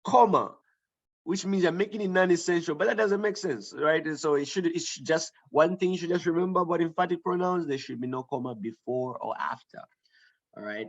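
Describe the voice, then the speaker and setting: Brisk and on the high side, this male voice comes through with the highs cut off. He's leading an online grammar lesson on writing, thinking out loud, restarting, using fillers, and checking with the class often.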